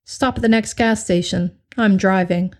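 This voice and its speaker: A woman's voice: medium pitch, normal speed, natural voice. A woman reading aloud and voicing a tense, exasperated young man who speaks in clipped, worried lines.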